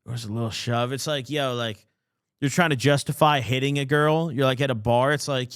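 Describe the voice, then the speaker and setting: A man's voice: mid-range voice, steady tone, fairly quick, a bit bright, clear, resonant tone, no echo. Sarcastic man, dry close mic. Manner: sarcastic, wisecracking, says dude a lot. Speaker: podcast host. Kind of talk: casual podcast commentary.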